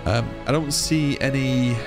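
A young man chatting excitedly as he commentates his own game playthrough. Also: mid-range voice, measured pace. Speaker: gaming YouTuber. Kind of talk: let's play commentary. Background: game music.

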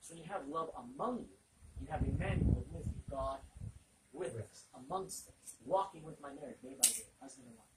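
Male preacher, interactive Bible teaching, fairly high voice, quizzes the room, distant mic with heavy hiss. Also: animated, moderate pace. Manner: quizzes listeners and repeats their answers. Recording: echoey room, distant mic, loud noise.

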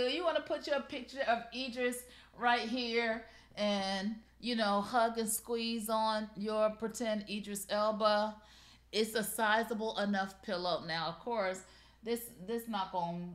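A middle-aged woman hosting a live shopping show, pitching deals in a playful, chatty way and talking straight to her viewers.

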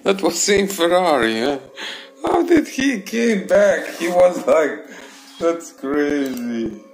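Tired, slow-talking man streamer. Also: a little high, echoey room, poor audio. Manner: tired, yawning, relaxed chat with viewers. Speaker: league host and streamer. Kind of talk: casual livestream commentary.

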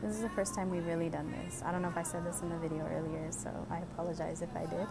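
A woman's voice: on the low side, flat delivery, fast talker, vocal fry, over loud music, low-quality recording. A woman vlogging with her daughter, chatting casually and giggling often. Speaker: vlogger and mother. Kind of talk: casual vlog chat. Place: restaurant, then a mall coffee shop.

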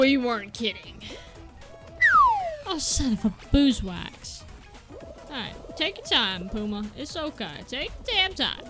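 A tipsy young woman comments on her racing game with a high, very animated voice that leaps all over the place. She drawls slowly, laughs, shouts and makes silly sound effects. Loud game music plays behind her. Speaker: gaming streamer. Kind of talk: drunk livestream commentary.

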